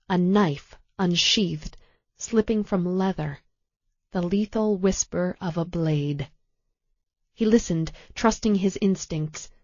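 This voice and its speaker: Slow, measured woman narrating a thriller. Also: mid-range voice, darkish tone, no echo, dull audio. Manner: measured, tense, deliberate reading. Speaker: audiobook narrator. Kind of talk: scripted audiobook narration.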